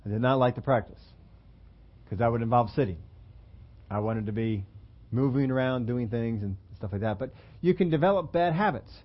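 Medium in pitch and moderate in pace, the man's delivery includes long pauses. As a pastor, he gives a conversational sermon, making self-deprecating jokes and asking his listeners questions, captured in dull, lo-fi sermon audio.

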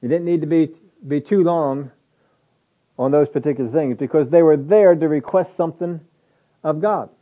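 A man's voice: fairly high pitch, moderate pace, pauses often, narrow, tinny audio. A man preaching a sermon in a conversational way, building to emphatic lists.

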